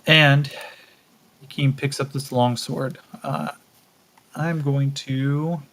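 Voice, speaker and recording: A man narrating a solo tabletop role-playing game as game master, thinking aloud with relaxed fillers. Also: mid-range voice, slow, rough recording.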